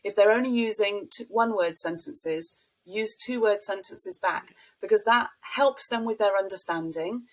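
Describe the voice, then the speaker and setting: A woman's voice: medium pitch, normal speed, low-quality recording. A middle-aged woman, a speech and language therapist, explaining child language with anecdotes as a podcast guest. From United Kingdom. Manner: warm explanatory, models child talk with anecdotes. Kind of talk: podcast interview.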